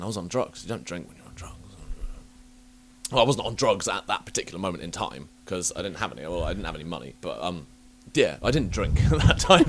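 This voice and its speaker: A young man hosting a podcast, telling stories in a casual, animated way, swearing freely and laughing often. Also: fairly low pitch. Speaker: podcast host. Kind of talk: casual chat.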